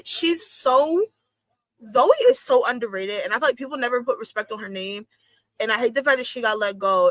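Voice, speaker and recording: Chatty young woman with a bright, sharp voice. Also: no echo. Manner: chatty and slangy, reacting with big swoops into high exclamations. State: itchy watery eyes from allergies. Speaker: streamer hosting a wrestling watch-along. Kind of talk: casual live-stream commentary.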